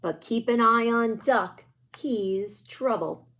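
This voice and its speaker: A woman voicing a worried male farmer, reading his lines quickly and earnestly from a picture book. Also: a little high, a bit bright, heavily acted. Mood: instructive.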